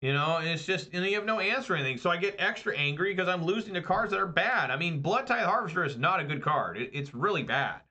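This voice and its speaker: A man's voice: high-pitched, animated, fast talker, few pauses, bright, forceful tone. A man, a streamer and family man, venting to his viewers in a casual rant, exasperated and swearing freely as he runs himself down. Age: adult with wife and kids. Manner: exasperated, profane, self-deprecating venting. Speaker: streamer and channel host.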